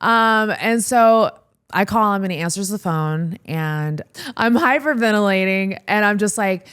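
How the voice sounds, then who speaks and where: A woman hosting a podcast, telling stories in an excitable, casual way with some swearing. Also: medium pitch, moderate pace. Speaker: podcast host. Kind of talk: casual chat.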